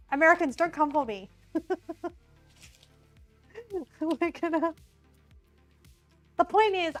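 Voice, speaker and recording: An Australian woman streamer chatting casually while she cooks in her home kitchen, giggly and scattered. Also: high-pitched. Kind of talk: casual live-stream chat while cooking.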